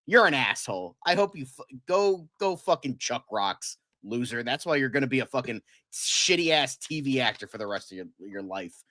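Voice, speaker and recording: A man's voice: medium pitch, sing-song, moderate pace, few pauses, bright, forceful tone, no room sound, clean studio sound. A man co-hosting a casual podcast, going off in a profane, angry rant. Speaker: co-host.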